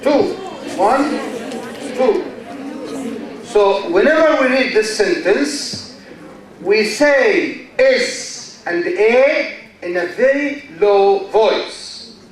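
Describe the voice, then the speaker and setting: A man with an Egyptian accent, a native Arabic speaker, lectures in English at a university, drawing out words for emphasis and repeating example sentences. His high-pitched voice is animated but extremely slow with frequent pauses, picked up by a distant mic in an echoey hall with some chatter behind.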